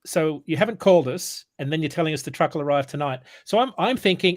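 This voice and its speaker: A fairly high-voiced man tells a long story in casual chat on a sales morning show. He is animated, acts out the dialogue and stumbles and restarts often. The sound is dry and close. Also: quick pace, no room sound.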